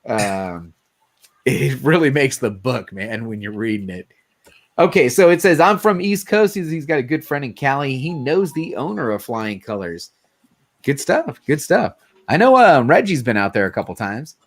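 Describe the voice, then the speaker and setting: A man's voice: mid-range voice, big pitch swings, normal speed. A man in his forties hosting a late-night livestream, chatting casually, laughing often and swearing freely. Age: 40s. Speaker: livestream host.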